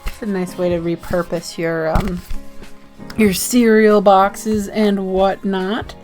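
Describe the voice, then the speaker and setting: A woman's voice: mid-range voice, steady tone, takes it slowly, a little mellow, faint music behind. Rambling, giggly American woman. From United States. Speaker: zine vlogger. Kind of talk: casual vlog chat.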